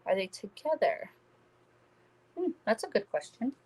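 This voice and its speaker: A woman working as a psychic medium, giving a live-stream spirit reading and speaking gently and reassuringly to viewers by name. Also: on the high side, very animated, unhurried, slightly rough, poor audio.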